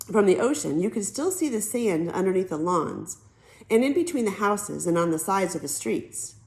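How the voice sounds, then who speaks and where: Lively woman reading a children's novel. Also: mid-range voice, vocal fry, rough recording. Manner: lively storytelling, switches into character voices. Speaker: audiobook narrator.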